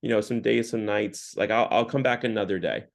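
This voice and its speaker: A man's voice: fairly low pitch, fairly even intonation, fairly quick, creaky. A man voicing a frightened, pleading man who makes anxious excuses, in a sermon retelling. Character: frightened, pleading man clinging to his vice.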